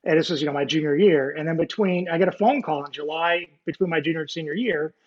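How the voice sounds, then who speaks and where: A man's voice: fairly high pitch, fast. A man in his forties, a former Navy nuclear technician, telling his story in a casual interview, rambling with many fillers and restarts and joking about being a nerd. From United States. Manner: nerdy, self-deprecating. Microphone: video call. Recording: muffled video call audio.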